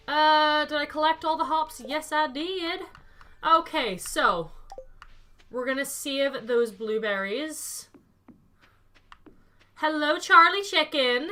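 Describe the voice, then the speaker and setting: A woman's voice: high-pitched, pushed and bright. A young woman chatting casually to her live-stream viewers while playing a game, thinking aloud and answering chat by name.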